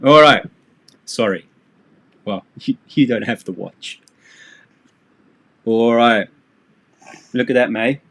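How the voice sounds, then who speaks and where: A man's voice: mid-range voice, slow, pauses often, a bit bright. A middle-aged man teaching a casual live English lesson, joking and sarcastic.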